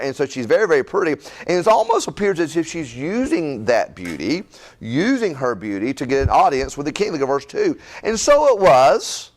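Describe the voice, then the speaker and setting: A middle-aged male pastor, teaching a conversational Bible-study sermon in a folksy, repetitive way. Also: mid-range voice. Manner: animated, folksy, repeats words and asks "right?".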